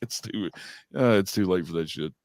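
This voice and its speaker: A man with a very low voice co-hosts a casual podcast chat, swearing and laughing through his stories. The sound is close and dry, with no room echo. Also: moderate pace, darkish tone. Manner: profane, laughs often while telling stories. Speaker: podcast co-host.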